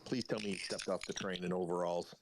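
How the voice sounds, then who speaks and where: A man's voice: low-pitched, fairly even intonation, a little fast, background noise. A man in a casual chat, wryly retelling a movie scene and voicing its characters. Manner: wry, retells film scenes with put-on voices.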